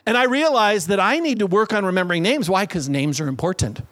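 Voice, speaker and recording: A man preaching a sermon as a pastor, telling stories with lively acted-out voices and breathy sounds. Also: high voice, racing, hardly any pauses. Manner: animated storytelling, acts out voices and breathy sounds.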